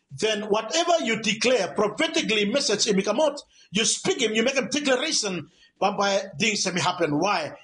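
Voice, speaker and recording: A man's voice: sits high, fairly bright tone, a little hiss or hum. A man from Vanuatu with a Vanuatu accent preaching a radio sermon, emphatic and repetitive, stacking up his phrases.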